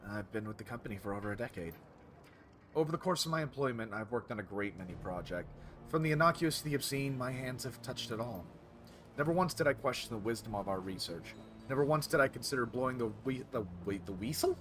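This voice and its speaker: A man voicing a nervous female corporate executive with a put-on German accent, speaking in a measured, grave way. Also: mid-range voice, expressive, a bit bright, lightly acted. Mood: composed. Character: nervous middle-aged woman corporate executive.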